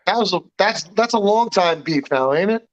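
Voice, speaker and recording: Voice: mid-range voice, animated, moderate pace. A podcast guest chatting casually and making blunt, profane remarks. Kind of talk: casual chat. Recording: dull lo-fi mic.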